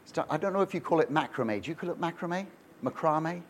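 Rapid-fire and expressive, a pastor with a fairly high pitch preaches a comic sermon over a little hiss or hum. He spins stories with jokes and rhetorical questions and keeps restarting his lines.

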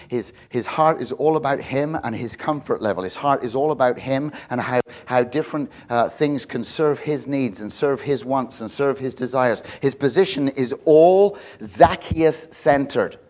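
A man preaching a sermon as pastor. He gets loud and high on emphasis, drops low and quiet for stories, and restarts his words often. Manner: animated, loud and rising on emphasis, with many restarts.

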